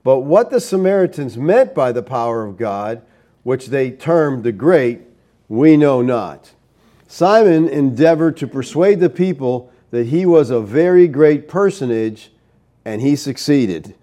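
A man's voice: medium pitch, lively intonation, a little slow, dark tone. A middle-aged man preaching a sermon, explaining a Bible passage verse by verse and checking in with his listeners as he goes. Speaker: pastor.

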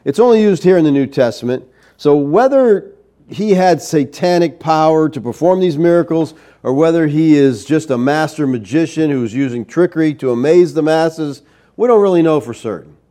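A middle-aged man preaching a verse-by-verse sermon. His voice sits a touch high for a man but sounds mellow and warm. He keeps checking in with the congregation as he teaches. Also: expressive, normal speed. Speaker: pastor.

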